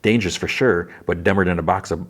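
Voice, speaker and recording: A man's voice: sits low, fairly even intonation, quick pace, a bit bright, husky. A man voicing a cocky young woman scout in a smug, knowing way.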